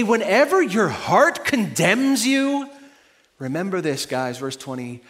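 A man preaching a sermon as a pastor, conversational and joking at times, swinging between loud emphatic stretches and soft hushed reassurance. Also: sits high.

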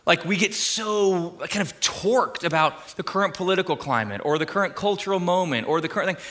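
A man's voice: high voice, bright, forceful tone. A young man preaching a sermon to his church in a casual, conversational way, full of fillers and asides. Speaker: pastor.

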